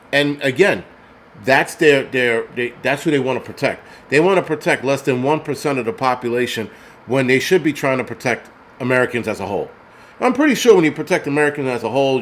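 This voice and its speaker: A man's voice: medium pitch, a bit bright, a little hiss or hum. A man vlogging, delivering an angry, profane, rambling rant to his viewers. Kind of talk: casual rant to camera.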